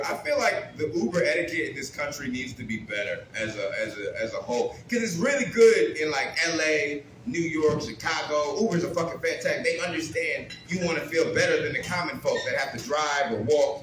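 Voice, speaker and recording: A man performing a stand-up comedy set, talking in a brash, crude and animated way and building rhythmic lists. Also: a little high, slight background noise. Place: comedy club with a live audience. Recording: roomy club with crowd laughter.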